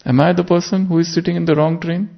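A man delivers a spiritual sermon, his voice rough with gravel. He speaks earnestly, turning his points into rhetorical questions for his listeners. The recording sounds dull and lo-fi. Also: fairly high pitch, fairly even intonation, fast. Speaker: spiritual teacher. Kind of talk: sermon with parable. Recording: muffled lo-fi recording.

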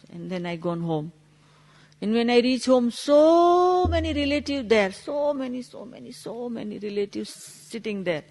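A woman's voice: medium pitch, long reverb tail. A woman giving a spiritual talk, telling a story with acted-out dialogue in non-native English. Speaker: spiritual teacher.

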